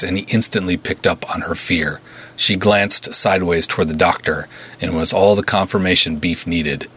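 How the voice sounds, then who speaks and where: A man reads a pulp action serial aloud, measured and vivid in his delivery. His voice sits very low with a husky, slightly breathy grain. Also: fairly bright tone. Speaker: writer and narrator. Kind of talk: dramatic serial story narration.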